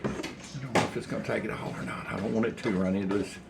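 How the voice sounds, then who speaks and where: An older man hosting a cooking channel chats in his home kitchen, rambling through folksy stories as he cooks. His fairly low voice is steady and quick, with vocal fry and some background noise.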